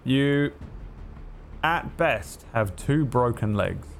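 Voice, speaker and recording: A man's voice: medium pitch, expressive, drawn-out words, gravelly, slight background noise. A man narrating as game master, vivid and dryly teasing toward the players.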